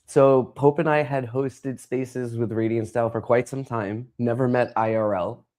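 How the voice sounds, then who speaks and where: A man who is a streamer, talking as a guest in a casual interview and telling stories in an animated way. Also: mid-range voice, measured pace. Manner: animated storyteller, acts out dialogue.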